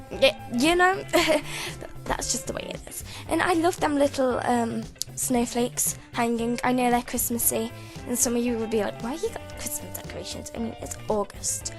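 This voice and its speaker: A British woman with a high-pitched voice chats loosely to her computer while showing off a game build, restarting her sentences and giggling as she goes. Faint music plays softly in the background. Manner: rambling, self-interrupting, giggly. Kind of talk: casual gameplay commentary. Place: at home at a computer.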